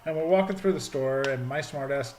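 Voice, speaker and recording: A man's voice: medium pitch, brisk, a little mellow. A man chatting casually and telling funny stories in a jokey, playful way. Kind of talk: casual comedic chat.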